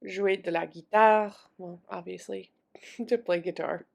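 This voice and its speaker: A woman teaching French vocabulary, repeating each word slowly and then explaining it in casual English. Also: medium pitch, fairly even intonation, gravelly. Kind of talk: vocabulary lesson.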